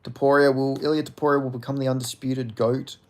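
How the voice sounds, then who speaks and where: A man's voice: mid-range voice, little pitch movement, quick pace, slight background noise. A man hosting a casual livestream, rambling about fights, reading chat aloud and jokingly apologizing. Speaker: livestream host.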